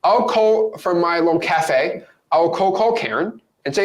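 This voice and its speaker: A young man teaching real estate with lively energy, acting out phone calls in quick different voices. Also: high voice. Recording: roomy echo.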